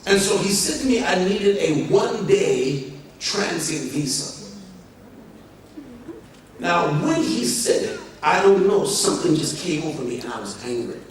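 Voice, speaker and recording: A man's voice: sits high, big pitch swings, measured pace. An American man preaching a sermon, telling a comic story animatedly and acting out dialogue. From United States. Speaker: pastor. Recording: echoey hall from far off with crowd.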